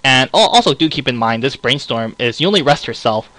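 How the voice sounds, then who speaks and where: A man with a bright, forceful voice gives casual card game commentary, rambling and correcting himself as he goes. His voice sounds a little worn. The sound is dry and close, with no room echo. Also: medium pitch, animated, a little fast. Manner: rambling, second-guesses himself aloud. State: voice getting worn.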